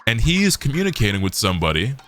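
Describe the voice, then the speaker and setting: A man's voice: medium pitch, sing-song, quick pace, a bit bright, faint music behind. A young man giving a loose, slangy casual recap as an anime reviewer.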